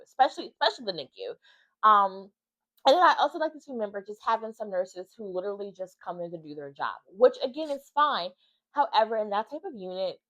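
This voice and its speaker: In a muffled recording, a medium-pitched woman shares her experience as the mother of a former NICU baby. Her vlog is casual, but her storytelling is animated, earnest and emphatic.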